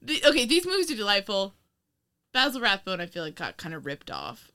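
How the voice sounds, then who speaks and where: Bright, lively woman podcaster. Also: medium pitch, fairly quick. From New York state. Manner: rambling, laughs often, swears casually. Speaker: podcast co-host. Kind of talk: casual film-review chat.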